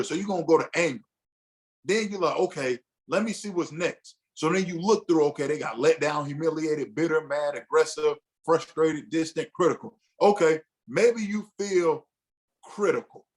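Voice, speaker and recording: Man, fairly high voice, casual teaching session, men's group facilitator, conversational with restarts. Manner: conversational, loose, with frequent restarts and acted-out inner dialogue.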